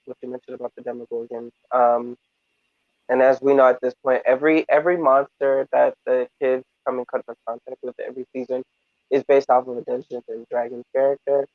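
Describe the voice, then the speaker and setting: A man talks in a casual review discussion, animated and full of fillers, at a middling pitch. His voice comes through a tinny, phone-like line. The sound is dry, with no room echo. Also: brisk. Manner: animated, hesitant with many fillers. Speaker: podcast co-host.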